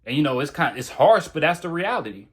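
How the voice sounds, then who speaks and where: A man's voice: a little high, very animated, fast. A man giving casual, blunt self-improvement advice straight to the camera, in a slangy, conversational way. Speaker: self-improvement video creator.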